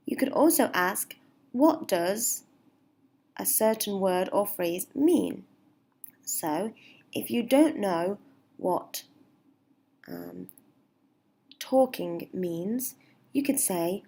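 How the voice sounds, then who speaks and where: A woman teaching beginner at a deliberately slow pace, with a slightly husky voice. She is patient and repeats each example phrase, giving it a lifted, sing-song stress. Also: mid-range voice, big pitch swings, mellow. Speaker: English teacher. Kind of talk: slow, clear English lesson.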